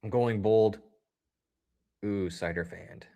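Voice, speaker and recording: A man's voice: lowish voice, takes it slowly, gravelly. Chatty man hosting a live game stream. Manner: chatty and upbeat, reacts loudly to plays; talks straight to chat viewers. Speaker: livestream host. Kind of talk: casual live game watch-along commentary.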